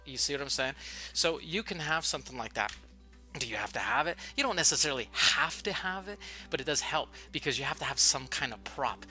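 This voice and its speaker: A man teaching online English, giving casual, playful and excitable how-to advice in a vlog. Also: fairly high pitch, brisk, faint music behind.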